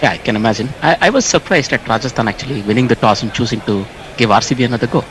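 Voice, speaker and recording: A man at an ordinary pitch talks fast and cheerfully as a cricket co-commentator. A faint hiss sits under his voice. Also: low-quality recording. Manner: quick, cheerful, upbeat. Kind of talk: casual commentary banter.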